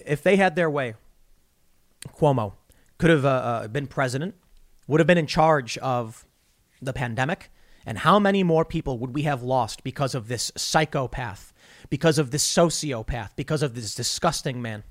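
Sarcastic indignant male podcast host. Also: on the high side. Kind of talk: political commentary podcast.

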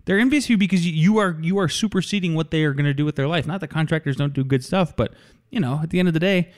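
Chatty man with a higher voice. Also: very fast. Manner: rambling, restarts, animated asides. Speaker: podcast co-host. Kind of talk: casual chat.

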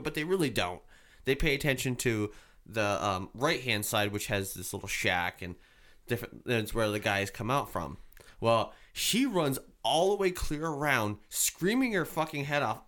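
Man, bright voice, lively storyteller, swears a lot, does voices. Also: mid-range voice. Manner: animated storyteller, swears often, acts out voices. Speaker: haunted attraction worker. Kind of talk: casual storytelling chat.

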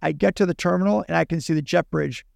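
Gravelly man telling a story. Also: fairly high pitch, quick pace, no echo, studio quality. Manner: animated, acts out dialogue in his own voice. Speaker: podcast guest. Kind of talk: casual storytelling.

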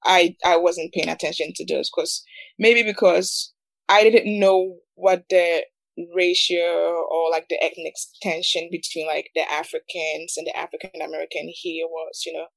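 A woman's voice: on the low side, steady tone, a little slow, gravelly, no echo, poor audio. A young woman in a casual group chat, talking in a thoughtful, hesitant way. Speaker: panel guest.

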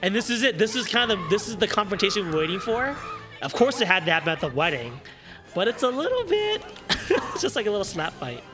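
A man's voice: high voice, sing-song, fairly quick, music in the background. A man hosting a podcast, giving casual, sarcastic running commentary on a film and laughing often. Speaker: podcast host. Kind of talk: casual watch-along movie commentary.

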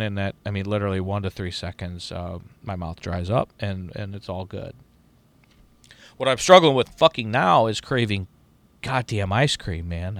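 A middle-aged man in casual chat as a podcast host, rambling and profane with lots of restarts. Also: sits low.

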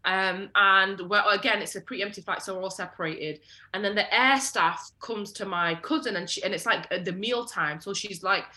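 A young woman, co-hosting a podcast and telling travel stories in a lively, casual way, full of "like" fillers. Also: medium pitch, normal speed. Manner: animated, lots of "like" fillers, jumps into quoted voices. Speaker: podcast co-host. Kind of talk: casual storytelling chat.

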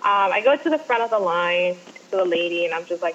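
A woman guest telling an excited fan story, acting out what people said, in casual chat. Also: on the low side, brisk, dull audio, a little hiss or hum.

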